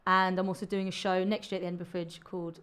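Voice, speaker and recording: A woman's voice: fairly low pitch, little pitch movement, fast talker, a bit bright, clear, resonant tone. A woman comedian chatting as a podcast guest, brash and cheeky, swearing freely. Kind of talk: casual comedy chat.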